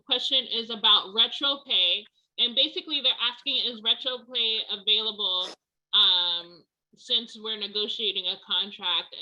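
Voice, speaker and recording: A woman's voice: medium pitch, pushed and bright, lo-fi sound. A woman moderating a union town hall call, reading out a submitted question and handing it to a colleague.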